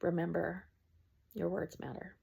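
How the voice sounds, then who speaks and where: A woman's voice: fairly low pitch, flat delivery, unhurried, vocal fry, warm tone, husky. A woman, a small content creator, talking to camera from home in an earnest, preachy rant with frequent ums.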